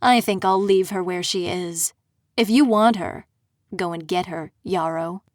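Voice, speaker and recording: Woman voicing a menacing male fae prince, slow taunting drawl, slightly lowered voice, dry close audiobook sound. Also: dry recording, close to an everyday voice. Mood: condescending.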